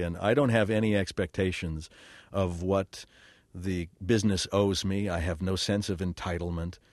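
Older male actor guest, low voice, dry sound, rambling and self-deprecating anecdotes. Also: a little mellow, dry recording. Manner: rambling, self-deprecating, frequent fillers and restarts. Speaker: working actor, interview guest. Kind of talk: casual interview talk, storytelling.

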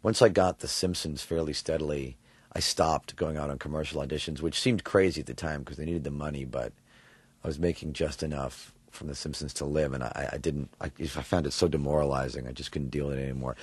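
A man from New York, a voice actor, answering interview questions in an animated way, laughing often and thinking aloud with fillers. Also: extremely low pitch, brisk, breathy edge, dry recording. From New York, USA. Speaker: voice actor guest.

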